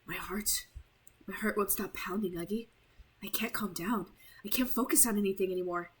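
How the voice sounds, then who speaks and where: A woman's voice: medium pitch, normal speed, a little hiss or hum, lightly acted, low-quality recording. A woman voicing a shy, obsessive young woman in an unvoiced whisper, a whispered role-play as she reads game lines aloud. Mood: breathless.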